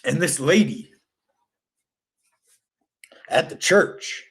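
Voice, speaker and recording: A man's voice: on the high side, expressive, drawn-out words, a bit bright, slightly rough. A middle-aged man telling his life story to camera in casual, rambling talk, earnest and emotional, with many restarts and self-corrections.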